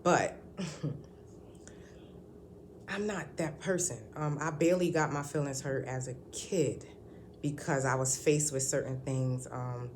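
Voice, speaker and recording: A woman's voice: extremely low pitch, steady tone, measured pace, pauses often, a little mellow, slight background noise. A woman at home talking to her channel in a casual vlog, rambling and candid with lots of ums and restarts. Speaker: vlogger. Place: at home indoors.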